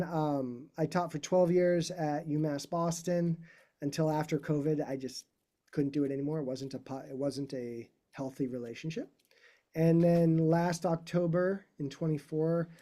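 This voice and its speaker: Brief: middle-aged male guitarist, casual talk, mellow tone, meandering asides. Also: fairly high pitch. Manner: rambling, warm asides and self-corrections. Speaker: guest speaker, classical guitarist.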